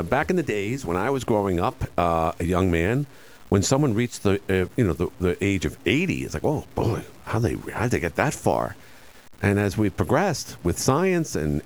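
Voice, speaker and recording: Casting: middle-aged male radio host, low voice with lively swings in pitch, loose and rambling delivery. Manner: rambling, many fillers and restarts. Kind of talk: casual talk radio monologue.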